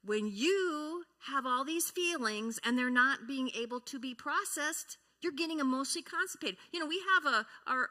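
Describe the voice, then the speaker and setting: A middle-aged woman giving a conversational sermon in a church, telling stories and leading the congregation in repeating a phrase. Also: high voice. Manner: warm storytelling, leads the congregation in repeating a phrase. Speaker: church speaker. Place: church sanctuary. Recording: reverberant church hall.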